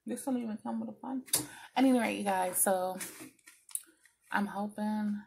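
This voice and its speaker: A woman's voice: mid-range voice, normal speed, vocal fry, darkish tone, slight background noise. A woman vlogger and small business owner, chatting casually to viewers as she unboxes packages and vents her frustration, cussing freely.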